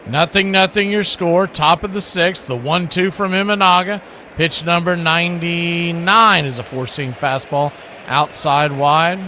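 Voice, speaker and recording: A man, calling baseball play-by-play on the radio as host in a folksy, chatty way with asides between pitches. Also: unhurried, sharp tone, slight background noise.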